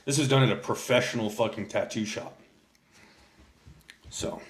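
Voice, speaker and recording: A man's voice: medium pitch, moderate pace. A man livestreaming a casual rant, telling stories in a rambling, heavily profane way and answering his chat. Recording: echoey room.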